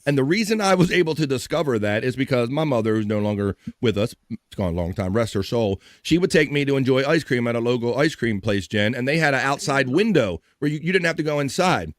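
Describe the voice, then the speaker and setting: A man's voice: medium pitch, animated, quick pace, no room sound. A man hosting a casual live-stream chat, joking around and reading the chat aloud. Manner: joking, reads chat aloud, puts on silly voices. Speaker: host.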